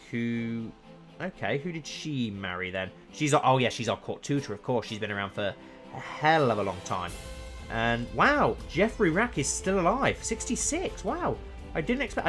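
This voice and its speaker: A man of middle pitch talks through his strategy game in a relaxed, rambling way, thinking aloud as he goes. He bursts into excitement now and then. Faint music sits underneath. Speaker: let's play streamer. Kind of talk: casual gameplay commentary.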